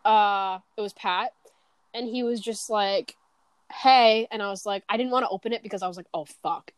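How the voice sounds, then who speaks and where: A teenage girl chatting casually from her bedroom, her talk rambling, full of fillers, restarts and swearing. Her pitch sits mid-range, and the room sound is dry and close. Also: steady tone, a little fast, clear, resonant tone, no room sound. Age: teens. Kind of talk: casual chat.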